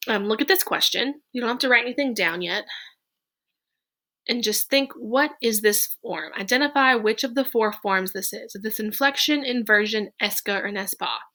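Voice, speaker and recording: Bright-voiced woman teaching a lesson. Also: a little high. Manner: patient, explaining step by step. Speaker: French teacher. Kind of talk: classroom lesson on slides.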